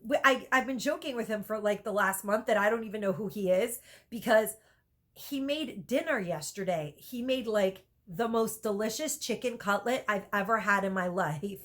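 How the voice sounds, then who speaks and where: A woman vlogger telling a rambling, animated story in casual chat, with lots of "like" and laughter. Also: medium pitch, normal speed.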